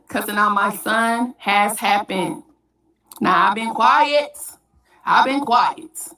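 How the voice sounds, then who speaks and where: A woman's voice: mid-range voice, a bit bright. Emphatic woman repeating her points. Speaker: mother in a played clip. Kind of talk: heated personal statement.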